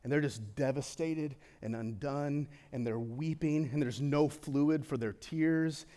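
A young man preaching a sermon in a casual, conversational way, swinging from excited to hushed and solemn. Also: a little high, a little slow. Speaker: pastor.

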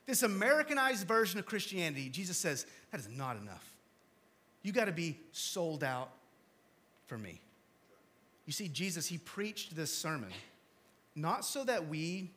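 A pastor preaches in a high, bright voice to a church congregation. He talks casually and drops in jokes, then sinks to hushed, low lines for emphasis. His delivery shifts between loud urgency and quiet gravity. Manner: conversational, with asides and small jokes. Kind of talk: sermon.

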